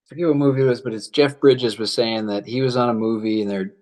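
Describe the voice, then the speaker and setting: A man's voice: medium pitch, steady tone, quick pace, darkish tone. A man hosting an interview, chatting casually and affirming his guest. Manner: easygoing, affirming with short replies.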